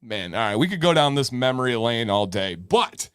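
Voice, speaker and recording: A middle-aged man talks casually on a live advice show, joking and teasing his co-host over small points. His voice sits at an ordinary middle pitch. It is recorded dry and close, with no room sound. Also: big pitch swings, normal speed, a bit bright, smooth, no room sound. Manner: joking, playfully argumentative. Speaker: podcast co-host. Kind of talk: casual live-stream chat.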